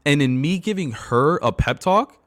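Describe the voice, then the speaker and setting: A man's voice: a little high, lively intonation, moderate pace, fairly bright tone, no echo, studio quality. A man hosting a podcast, talking casually and reflectively, with slangy asides as he asks his guest questions. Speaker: podcast host. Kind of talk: podcast interview conversation.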